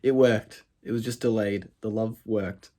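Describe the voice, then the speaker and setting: A man telling a comic storytime monologue on a vlog, laughing and swearing as he acts out the quotes. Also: unhurried. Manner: animated, laughing, profane, acts out quotes with big pitch jumps. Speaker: vlogger.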